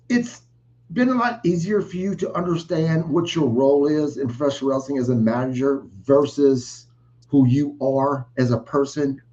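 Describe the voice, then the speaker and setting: A man's voice: mid-range voice, mellow, dull audio. A man hosting a wrestling podcast, asking long, winding questions in a chatty way. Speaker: podcast host.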